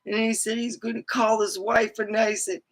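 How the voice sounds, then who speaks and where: A middle-aged woman chatting on a casual livestream, rambling and animated, with sudden high whoops. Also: moderate pace, poor audio. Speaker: livestreamer and comedy chat host.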